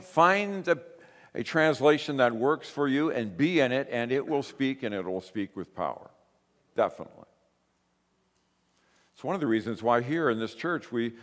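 A male pastor giving a conversational sermon in a church, mostly calm, rising to emphatic bursts. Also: medium pitch. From grew up in a Pentecostal church. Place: church sanctuary. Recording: long hall reverb.

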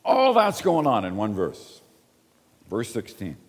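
Canadian guy preaching, really lively up and down voice, big echoey church hall. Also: lowish voice, takes it slowly, husky. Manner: animated, emphatic, conversational asides. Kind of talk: sermon teaching. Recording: long hall reverb.

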